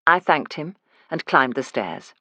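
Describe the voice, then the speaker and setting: Man, audiobook narrator, lively varied intonation, dry close recording, measured reading. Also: on the high side, no echo, muffled recording. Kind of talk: first-person audiobook narration.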